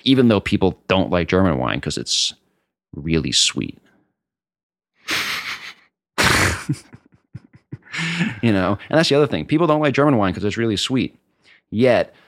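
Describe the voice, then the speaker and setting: A man's voice: extremely low pitch, creaky, fairly bright tone, no room sound, studio quality. A man who imports wine, speaking in an interview in a passionate, emphatic and combative way. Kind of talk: interview answer.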